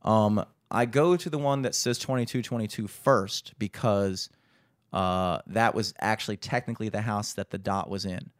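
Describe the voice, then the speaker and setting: A man casually telling a long story, animated and profane, acting out the voices of the people in it. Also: fairly low pitch, moderate pace, dry recording, clean studio sound.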